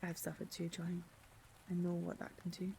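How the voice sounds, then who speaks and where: A woman reading game dialogue aloud, voicing a weary male detective who talks in a soft, steady, coaxing way. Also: lowish voice, moderate pace, vocal fry, slight background noise, pitched below the performer's own voice. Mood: soothing.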